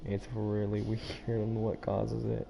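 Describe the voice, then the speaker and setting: American male gamer host, low, gravel-edged voice, loose rambling commentary. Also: completely flat delivery, a little slow, background noise. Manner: rambling, chatty, self-interrupting. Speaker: gaming channel host. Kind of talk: casual let's-play commentary. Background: game music.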